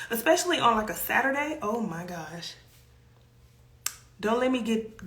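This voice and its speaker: A woman with a Southern US accent hosts a casual self-care talk, chatty and emphatic with playful asides. Her voice sits at an ordinary middle pitch. The room around her rings with audible echo. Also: a bit bright. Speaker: self care coach and host. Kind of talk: casual advice monologue.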